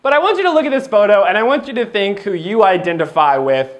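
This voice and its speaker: Animated male keynote speaker. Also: sits high, fast talker, a little hiss or hum. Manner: animated storytelling, laughs often, acts out dialogue. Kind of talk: motivational keynote speech. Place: training event hall.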